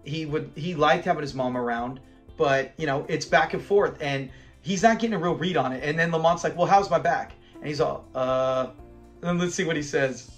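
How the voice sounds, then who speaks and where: Male fan-channel host, slightly high voice, casual animated recap, chuckles a lot, faint music under. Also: normal speed. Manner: animated, rambling, chuckles often. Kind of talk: casual chat recapping a sitcom episode.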